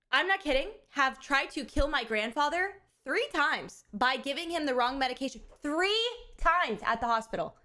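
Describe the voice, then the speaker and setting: A woman streamer chatting casually with her viewers, animated and candid, often laughing and swearing freely. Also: mid-range voice. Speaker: live streamer.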